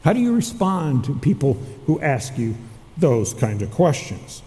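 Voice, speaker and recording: A man's voice: a little high, sing-song, unhurried, mellow. A man who is a chaplain preaching a sermon, asking the congregation question after question and answering them himself. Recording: long hall reverb.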